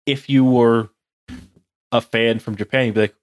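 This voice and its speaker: A man's voice: medium pitch, steady tone, moderate pace, dry recording, studio quality. A young man co-hosting a casual podcast chat, rambling with lots of "like". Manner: rambling, heavy use of "like". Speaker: podcast co-host.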